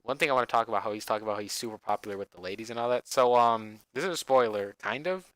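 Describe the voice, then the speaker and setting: A man's voice: medium pitch, racing, fairly bright tone, clean tone, no echo. A man giving casual reaction commentary on a video game, laughing often and restarting words.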